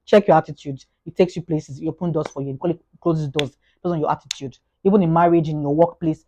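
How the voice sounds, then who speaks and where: Fast-talking Nigerian woman vlogger. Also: fairly low pitch, rough recording. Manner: fast-talking, animated, repeats words and restarts. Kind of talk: motivational talk to camera.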